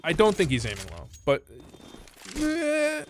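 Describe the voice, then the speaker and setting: A man's voice: high-pitched, huge pitch swings, unhurried, slight background noise. Chatty young man rambling over gameplay. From Canada. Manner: rambling, chatty, swearing, frequent fillers. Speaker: gaming content creator. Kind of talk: casual commentary over gameplay review. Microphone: desk microphone.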